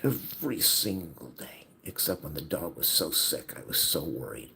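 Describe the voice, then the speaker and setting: A middle-aged man venting bitterly in a personal monologue, his agitated voice swinging from hushed mutters to near-shouts. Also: rumbling low, big pitch swings, moderate pace, vocal fry, whispered. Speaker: vlogger.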